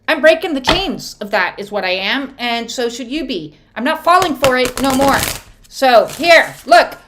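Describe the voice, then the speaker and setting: A woman's voice: on the high side, background noise. A woman doing an oracle card reading in a casual vlog, talking in a blunt, profane, emphatic way. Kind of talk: casual spiritual vlog chat.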